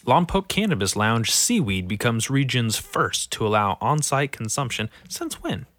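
A man's voice: medium pitch, expressive, moderate pace, fairly bright tone, no echo. A young man hosting a solo podcast, grumbling and swearing as he reads out local headlines. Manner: profane, irritable, grumbling. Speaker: podcast host.

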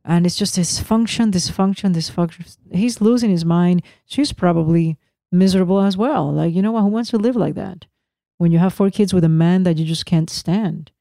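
A woman's voice: lowish voice, moderate pace, vocal fry, warm tone, no room sound, studio quality. A woman from Rico, co-hosting a podcast in casual, emphatic chat, often repeating words for effect. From Puerto Rico. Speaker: podcast co-host.

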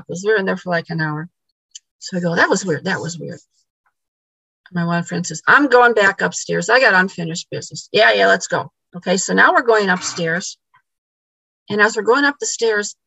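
Gravelly woman telling a ghost story. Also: mid-range voice, moderate pace, bright, forceful tone, dry recording, rough recording. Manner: repeats words, acts out quoted dialogue. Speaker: podcast guest. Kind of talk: storytelling in conversation.

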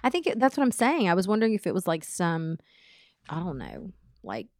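A middle-aged woman co-hosting a podcast in a studio, chatting casually and telling animated stories. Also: lowish voice, fairly quick, dry recording. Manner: chatty storyteller, animated retelling with quoted voices. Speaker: podcast co-host. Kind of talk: casual chat.

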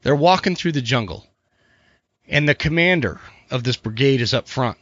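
A middle-aged man hosting a podcast, telling a joke in an animated, stammering way. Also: medium pitch, moderate pace, no room sound. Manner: animated joke-teller, stammers and repeats words. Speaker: podcast host. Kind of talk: casual chat, storytelling. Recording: dull, muffled podcast audio.

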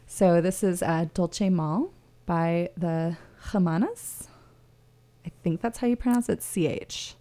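A woman's voice: lowish voice, unhurried, warm tone. A woman hosting a radio show, talking in a casual, rambling way with many restarts.

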